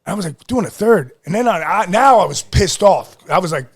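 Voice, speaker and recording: Middle-aged male podcast host, high-pitched, swears freely, plays out every quote in his stories. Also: a little fast. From Lehigh Valley, Pennsylvania. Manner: animated, profane storyteller who acts out quotes. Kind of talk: casual podcast storytelling.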